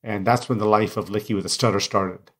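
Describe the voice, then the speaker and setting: A man's voice: fairly low pitch, fairly even intonation, brisk, a bit bright, slightly rough. A middle-aged man whose first language is not English, telling his life story candidly as an interview guest. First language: non-English first language. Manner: reflective and candid. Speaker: guest, coach and speaker.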